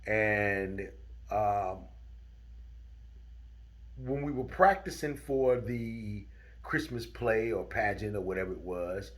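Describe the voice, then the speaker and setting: A man's voice: fairly low pitch, takes it slowly, long pauses. A middle-aged man telling a true story from his school days in a casual, drawling way that turns heated. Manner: drawling, chuckling, gets heated and loud.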